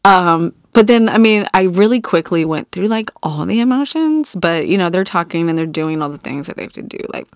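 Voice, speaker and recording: Woman, 30s, candid chatty storytelling, low pitch, dry recording. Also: lively intonation, moderate pace, few pauses, no room sound. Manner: candid, chatty, with frequent fillers and swearing. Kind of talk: casual personal storytelling.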